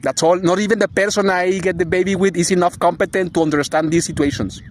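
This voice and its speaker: A man with a fairly high voice rants in a vlog monologue. He is rambling and agitated, and he swears freely and laughs bitterly between points. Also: steady tone, quick pace. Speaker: vlogger.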